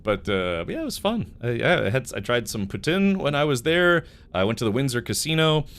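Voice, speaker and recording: A man's voice: medium pitch, sing-song, fairly quick, fairly bright tone. A man streaming a game live, chatting casually with his chat and telling rambling stories with frequent laughs. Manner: rambling storyteller, laughs often, talks to chat.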